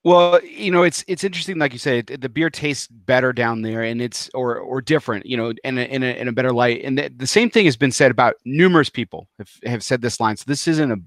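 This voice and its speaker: A man's voice: medium pitch, brisk, few pauses, dry recording, clean studio sound. A man hosting a podcast, chatting casually about cigars with a rambling, restarting manner. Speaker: podcast host. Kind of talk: casual chat.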